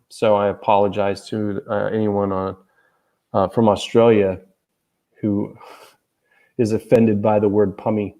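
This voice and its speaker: A host and author hosts a casual livestream chat from outdoors near a golf course, rambling, joking, and getting easily distracted. His voice is on the low side, with a warm tone.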